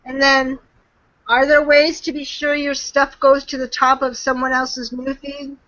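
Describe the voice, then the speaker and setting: A high, bright woman's voice that talks at an unhurried pace. She answers questions chattily, laughs easily and often trails off mid-sentence. The sound is the slightly muffled audio of a video call. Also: little pitch movement. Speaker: guest marketing trainer. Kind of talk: webinar Q&A chat.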